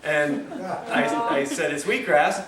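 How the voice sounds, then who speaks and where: A man's voice: a little high, takes it slowly, a crowd in the background. A man giving a health lecture to a live class, telling stories and acting out the dialogue, laughing often. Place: lecture room. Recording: echoey lecture room, distant mic, faint hiss.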